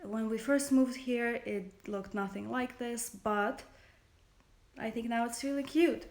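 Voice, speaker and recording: A woman with a Russian accent hosting a casual livestream from her home kitchen, talking softly and earnestly into a phone camera. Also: a little high, reverberant. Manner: soft-spoken, earnest and chatty. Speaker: livestream host.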